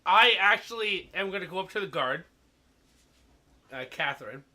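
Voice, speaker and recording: A man's voice: sits high, animated, moderate pace, bright, forceful tone. A man playing a tabletop game, talking eagerly and casually. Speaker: player. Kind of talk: casual chat.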